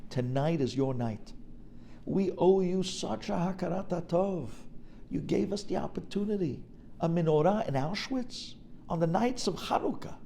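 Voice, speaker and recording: An older rabbi speaks with earnest gratitude in a gravelly voice, voiced by a storyteller. He sounds steady and sincere. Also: sits high, normal speed, a little hiss or hum, pitched above the performer's own voice. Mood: grateful. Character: older rabbi, kind and grateful.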